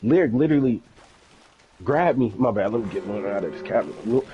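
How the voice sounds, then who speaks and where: A man's voice: medium pitch, animated, fast talker, highs cut off. A young man on a game stream, casually telling a long, profane story and acting out the quoted dialogue.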